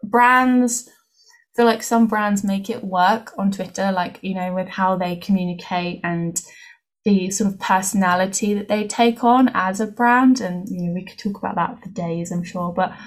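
A woman's voice: mid-range voice, steady tone, normal speed. Casting: woman with a mid-range voice, chatty and hedging podcast co-host. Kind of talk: casual podcast chat.

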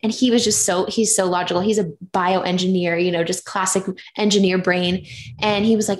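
A woman in her thirties talking openly in a casual conversation, chatty and animated when she retells things. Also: medium pitch, fairly quick.

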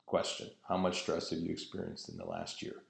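A man's voice: low voice, big pitch swings, brisk, creaky. A man preaching a sermon in an earnest, emphatic way, drawing out his phrases. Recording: roomy echo.

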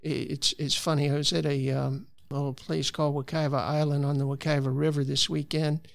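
A man's voice: fairly high pitch, level tone, fairly quick, gravelly, dry recording. A man from Florida, a conservation advocate, telling stories earnestly in a conversational interview with frequent restarts. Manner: earnest, storytelling with many restarts.

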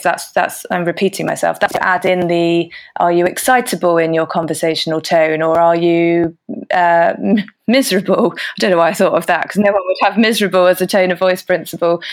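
A woman with a lowish voice talks as a podcast guest. She explains things thoughtfully, pausing on ums and restarting her sentences as she goes. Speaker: guest copywriter. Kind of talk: casual interview answers.

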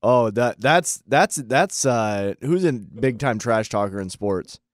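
Wisecracking man with lively pitch. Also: slow, no room sound, studio quality. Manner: wisecracking, teasing interjections. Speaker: radio show co-host. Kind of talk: casual banter.

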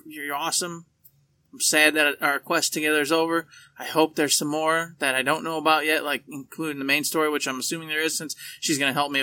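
A man's voice: on the high side, sharp tone, no room sound. A young adult man co-hosting a casual podcast, upbeat, hammy and playful. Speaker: podcast co-host.

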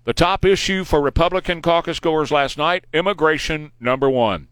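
A forty-something man with a Texan accent runs his radio talk show from the studio, hammering each point home and circling back to repeat it. His voice sits a bit high for a man, and the sound is close and dry, with no room around it. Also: moderate pace, fairly bright tone, smooth, dry recording. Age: 40s. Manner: emphatic, opinionated, repeats points for emphasis. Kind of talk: political talk radio monologue. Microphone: studio microphone.

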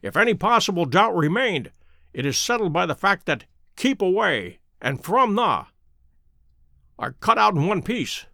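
A man voicing a keen, self-assured detective who speaks crisply and precisely, in a dry close recording. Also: high voice, big pitch swings, a little slow, sharp tone, no echo, full character voice. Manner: crisp, precise and pleased with himself.

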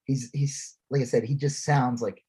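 A man's voice: medium pitch, fairly even intonation, moderate pace, dark tone, breathy edge. A man co-hosting a casual podcast, talking politics sarcastically and slipping into mocking impressions. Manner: sarcastic, drops into mocking voices. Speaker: podcast co-host.

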